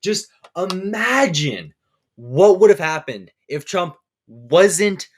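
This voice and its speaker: A man's voice: high voice, lively intonation, slow, a little hiss or hum. A man hosting a casual political commentary show, enthusiastic and peppering his talk with "all right". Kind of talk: casual commentary over clips.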